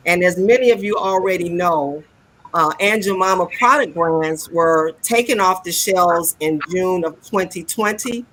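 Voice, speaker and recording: A woman guest speaks over a video call about the work she leads. Her voice sits fairly low, and she sounds earnest and measured. A faint background hiss is heard. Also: fairly bright tone, poor audio. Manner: earnest, measured, with some restarts. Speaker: guest, historical society president. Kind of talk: guest speaking on a live stream.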